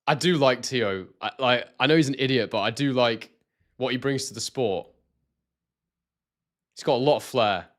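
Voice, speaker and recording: A young British man from Scotland with a London-like accent, hosting a live boxing stream in casual commentary and reading out chat messages excitedly. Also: medium pitch, normal speed, long pauses. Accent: southern English, London-like.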